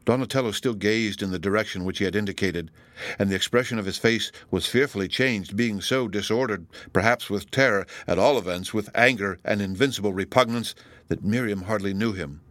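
A man narrating a classic novel in a measured, formal audiobook reading. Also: on the low side, a bit bright, no room sound.

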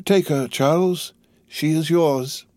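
A man's voice: on the high side, darkish tone, no room sound, pitched above the performer's own voice. A man doing a frail, dazed old doctor. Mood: tender. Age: older. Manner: slow, faraway muttering. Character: frail elderly male doctor, dazed and withdrawn.

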